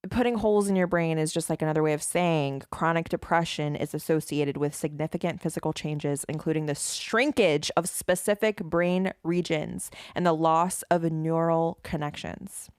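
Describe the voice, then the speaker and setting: Woman, Southern US accent, podcast co-host, giggly, rambling, low voice. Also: normal speed, few pauses, smooth, no room sound, studio quality. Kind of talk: casual chat.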